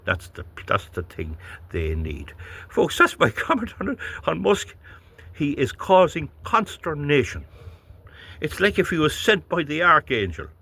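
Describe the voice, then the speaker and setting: A man's voice: fairly high pitch, huge pitch swings, a little slow, pushed and bright, husky. A man with an Irish accent giving a blunt, rambling political monologue to camera, stumbling over words and chuckling as he goes. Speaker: vlogger.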